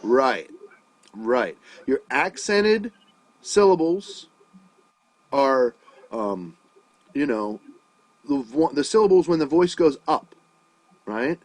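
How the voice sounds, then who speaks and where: A man with a mid-range, sing-song voice speaks slowly and pauses a lot while giving a casual, swear-filled songwriting lesson over video call. As a music teacher, he frequently checks that his student keeps up. The audio has no echo and is low quality.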